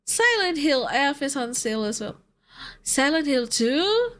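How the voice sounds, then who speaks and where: High-voiced, unhurried woman streamer. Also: very animated. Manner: chatty, swears and laughs often, reads out chat. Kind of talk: casual stream chat with viewers.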